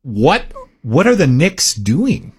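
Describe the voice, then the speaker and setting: A man hosting casual sports chat, asking questions in a measured, slightly halting way. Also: a little high, wildly swooping pitch, husky.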